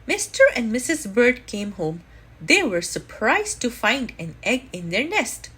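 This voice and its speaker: A woman reading a children's picture book aloud at storytime, in a slow and expressive way. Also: on the high side, husky. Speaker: storytime reader.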